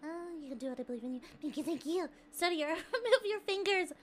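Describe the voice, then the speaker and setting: A young woman streaming live, chatting with her viewers casually, excitable, laughing often and swearing freely. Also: extremely high pitch, fast talker, a little hiss or hum. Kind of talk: casual chat with a live chat audience.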